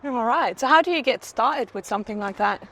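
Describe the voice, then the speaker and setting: A man's voice: very high-pitched, animated, brisk, sharp tone. A man behind the camera asking short questions while walking outdoors. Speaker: camera operator. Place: outdoors on a city street.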